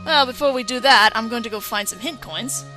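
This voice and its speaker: Bright excitable young woman gamer. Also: a little high, brisk, faint music behind. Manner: excitable and giggly. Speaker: let's play host. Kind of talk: gameplay commentary.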